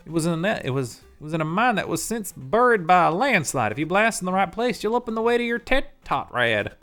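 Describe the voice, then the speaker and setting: A man's voice: high voice, very animated, a little fast, fairly bright tone, soft background music. A man voicing a drawling cowboy townsman from a Western video game, with a folksy, hearty manner. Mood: recalling.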